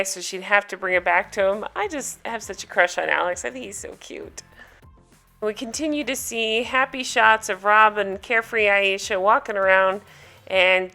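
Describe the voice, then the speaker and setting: A woman with a bright, sharp voice hosts a casual recap, gossiping and teasing with dry sarcasm. She talks straight to her listeners at a middle pitch, lively and quick to joke. Faint music sits low behind her. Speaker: podcast host recapping reality TV.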